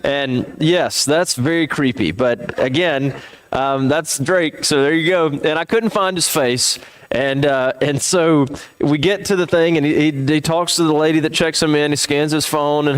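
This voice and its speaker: A man's voice: fairly high pitch, measured pace, clear, resonant tone, dry recording. A man, speaking at a church seminar and telling a humorous, self-deprecating story with lots of restarts.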